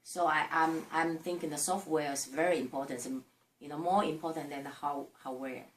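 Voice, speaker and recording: Earnest low-voiced mother from Taiwan. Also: fairly even intonation, a little fast, low-quality recording. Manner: earnest, restarts sentences, non-native English. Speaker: mother of the interviewed students. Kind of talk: casual interview chat.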